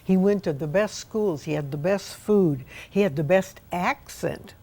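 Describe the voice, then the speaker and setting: A woman's voice: fairly low pitch, unhurried, warm tone. A middle-aged woman hosting a casual book discussion, chatty and asking her guest questions. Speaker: host.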